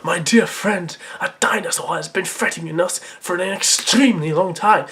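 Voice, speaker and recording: A man's voice: high-pitched, moderate pace, bright, forceful tone. A man voicing a grand worshipful alien greeter. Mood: proclaiming.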